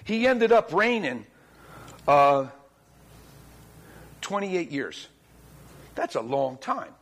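A man preaching a sermon to a congregation in church, telling the story in a lively, colloquial way and acting out the dialogue. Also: on the high side, extremely slow, gravelly. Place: church, speaking before a congregation.

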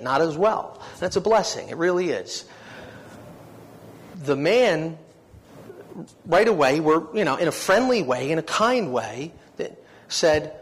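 Man, sermon, heartfelt personal testimony, fairly high-pitched, dramatic swells. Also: a bit bright. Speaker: preacher giving testimony.

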